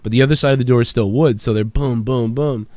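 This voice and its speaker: A man's voice: mid-range voice, fairly even intonation, quick pace, darkish tone, no room sound. A man hosting a podcast from his home basement, telling long rambling stories full of swearing and laughter. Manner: rambling, profane, laughs a lot. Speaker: podcast host. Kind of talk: casual chat.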